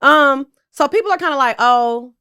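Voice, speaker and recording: Woman, tipsy, sassy blunt gossip chat, higher voice, smooth and clear. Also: lively intonation, a little fast, fairly bright tone. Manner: sassy, blunt, swears freely, talks straight to viewers. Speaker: pop culture commentary host.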